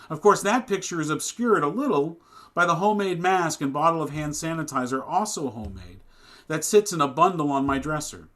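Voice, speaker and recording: A man's voice: on the high side, bright, forceful tone. A man serving as rabbi, giving announcements conversationally and then preaching a sermon with growing passion. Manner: plain and conversational in announcements, rising to impassioned preaching. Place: synagogue service, streamed online.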